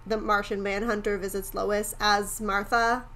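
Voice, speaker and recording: A woman's voice: mid-range voice, flat delivery, measured pace, a bit bright. A young woman co-hosting a podcast, chatting casually about a film and acting out her own reactions. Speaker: podcast co-host. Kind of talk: casual movie discussion.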